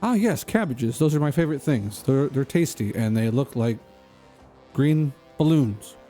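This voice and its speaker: A chatty, clueless voice assistant cheerfully offers useless trivia, as a streaming man mimics it. The voice sits higher than normal and stretches its words out slowly, with soft music underneath. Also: animated, lightly acted. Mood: cheery.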